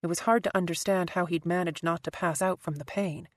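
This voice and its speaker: A woman reads a thriller audiobook in a steady, even way. Her voice sits a bit low. The read is close and dry with no room sound. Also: a little fast, no echo. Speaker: audiobook narrator. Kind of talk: scripted narration.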